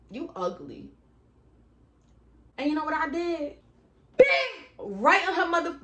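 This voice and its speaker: A young woman casually telling a profane storytime, acting out her own shouting in a lively way. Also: a little high, roomy sound. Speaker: vlogger.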